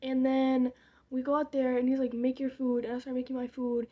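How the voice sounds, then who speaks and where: A woman's voice: high voice, monotone, fairly quick, warm tone. A young woman telling a rambling, candid story in casual vlog style while doing her makeup, with muttered side remarks. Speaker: vlogger.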